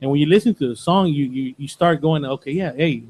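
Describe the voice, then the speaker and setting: A man's voice: on the high side, fast, a little mellow. A middle-aged man hosting a radio show in casual chat, rambling and repeating himself.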